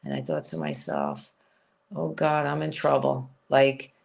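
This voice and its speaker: A woman's voice: rumbling low, sing-song, a little slow, vocal fry. A woman as an interview guest, telling a personal story in a frank, rambling way with lots of "you know.".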